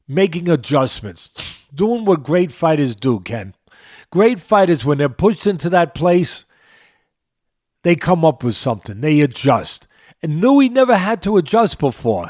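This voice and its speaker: An older man with a New York accent hosts a boxing podcast, analyzing a fight in an emphatic way and circling back to repeat his points. His voice sits somewhat high for a man. The sound is dry and close, with no room echo. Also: darkish tone. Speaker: boxing trainer and show host.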